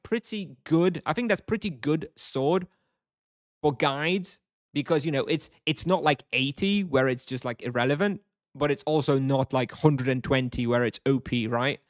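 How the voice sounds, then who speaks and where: A man's voice: fairly high pitch, normal speed, no echo, studio quality. A man streaming a game live, chatting casually and answering viewers at length. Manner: rambling, reads chat aloud and answers.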